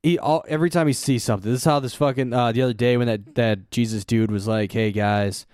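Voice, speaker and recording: A young adult man chatting casually as a podcast co-host, swearing often and rambling, with excitable jumps in pitch. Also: quick pace, no room sound, studio quality. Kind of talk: casual chat.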